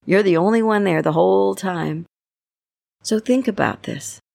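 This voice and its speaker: A woman's voice: medium pitch, unhurried, vocal fry, a little mellow, no room sound. A middle-aged woman giving casual advice on friendship, chatty, often acting out little quoted exchanges. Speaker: self-help speaker. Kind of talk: casual advice talk to camera.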